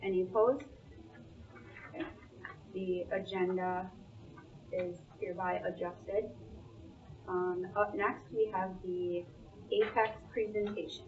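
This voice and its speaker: A Minnesotan woman with a mid-range voice runs a board meeting in a brisk, procedural way, calling motions and votes. Her voice carries from across a meeting room and sounds muffled. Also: medium pitch, steady tone. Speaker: board chair. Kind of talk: chairing a meeting. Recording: distant, dull meeting-room recording.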